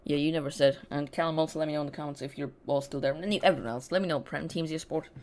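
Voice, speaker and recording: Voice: medium pitch, fairly even intonation, racing, a little mellow. A host giving rambling, casual live commentary on a football match and chatting directly to viewers. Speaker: football watch-along streamer.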